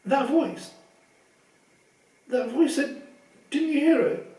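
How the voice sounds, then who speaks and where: A man's voice: very high-pitched, slow, mellow, heavy reverb, distant mic, voice pushed up, low-quality recording. A man voicing an anxious teenage boy wizard who speaks frantically. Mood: frantic. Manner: frantic, urgent.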